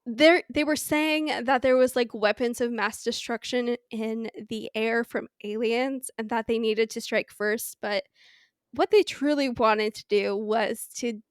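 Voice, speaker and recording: Woman cohost rambling w lots of likes, high voice, dry sound. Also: steady tone, unhurried, clean tone, no room sound. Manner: rambling, many "like" fillers, asks rhetorical questions. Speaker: podcast co-host. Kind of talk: casual chat.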